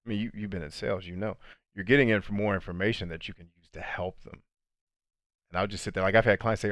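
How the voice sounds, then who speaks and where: A man life coach chatting casually on a livestream, reading viewer comments and answering them. He talks in animated fast bursts that slow into a deliberate cadence. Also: lowish voice, no echo. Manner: conversational, addresses viewers as friends and dude.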